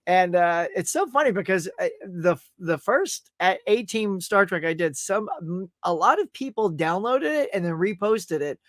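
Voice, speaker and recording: A man's voice: high voice, animated, normal speed, hardly any pauses, no room sound, clean studio sound. A man hosting a casual interview, talking enthusiastically, laughing often and rambling through his stories. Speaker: podcast host.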